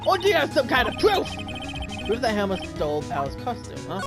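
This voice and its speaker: Woman doing a shrill scolding old lady guard. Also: wildly swooping pitch, brisk, over music. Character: cranky nosy old woman security guard.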